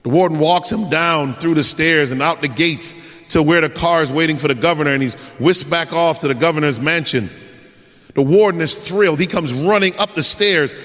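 Male preacher, high and bright, dramatic storytelling sermon in an echoey church hall. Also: normal speed. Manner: dramatic, swinging from shouts to hushed endings.

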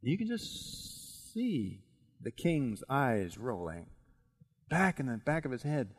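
A man preaching a sermon as dramatic storytelling, swinging between loud and hushed. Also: mid-range voice, big pitch swings, takes it slowly.

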